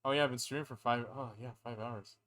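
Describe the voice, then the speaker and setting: A man's voice: mid-range voice, fairly even intonation, quick pace, a bit bright. Tired, rambling male streamer. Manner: rambling, playful, self-deprecating. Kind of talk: casual live-stream chat.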